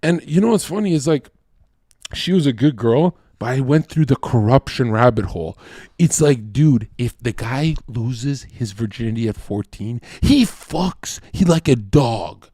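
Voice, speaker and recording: A man ranting in a profane, loud debate-stream style, acting out voices as he tells stories. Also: mid-range voice, expressive, unhurried, dry recording, studio quality. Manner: profane, loud, acts out voices mid-story. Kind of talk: heated rant in a debate stream.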